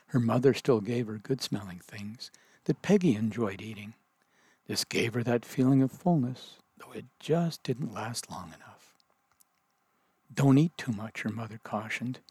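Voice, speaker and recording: A man reading a children's story aloud as narrator, in gentle, measured storytelling. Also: mid-range voice, breathy edge, no room sound.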